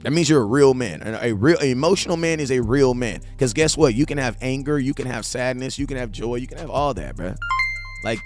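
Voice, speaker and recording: Young man, fan stream host, casual slangy rant, mid-pitched voice, impassioned, faint music behind. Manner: blunt, slangy and impassioned, often rising to near-shouting. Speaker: sports fan show host. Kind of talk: casual live-stream talk answering chat.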